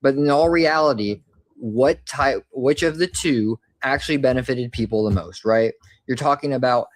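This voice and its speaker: Man arguing politics in slang. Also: mid-range voice. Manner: argumentative, slangy. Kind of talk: casual political argument.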